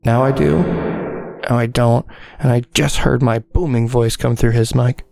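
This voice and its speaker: Guy hosting a podcast, joking around all grandiose, raspy low edge. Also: steady tone, normal speed, a little mellow, no echo. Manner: goofy, bossy, mock-grandiose. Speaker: podcast host. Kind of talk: casual joking chat. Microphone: dynamic mic.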